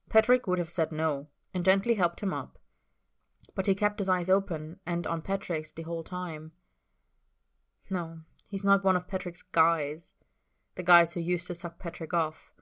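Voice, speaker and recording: Woman reading a story out loud, lowish voice, steady. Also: moderate pace. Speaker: story reader.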